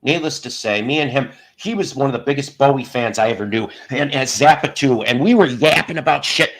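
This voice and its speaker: A middle-aged man hosting a live show, talking in a loose, rambling way and often stumbling over his own words. His voice sits at an ordinary pitch, and he tells his stories casually. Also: a little fast, fairly bright tone. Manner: rambling storyteller with frequent restarts. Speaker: host of a live stream show. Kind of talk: casual chat.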